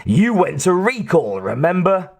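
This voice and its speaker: A man's voice: high voice, big pitch swings, a little slow, gravelly, pitched above the performer's own voice, exaggerated voice. A man doing a brash Brooklyn tough guy. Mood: hearty. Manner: brash, then harsh and clipped. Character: gruff male coworker turned menacing thug.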